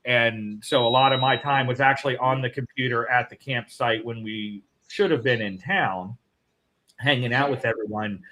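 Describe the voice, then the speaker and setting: A man with a bright, forceful voice chats casually as co-host of a morning show. He tells his stories in long, rambling runs. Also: medium pitch, rough recording. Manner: rambling storyteller.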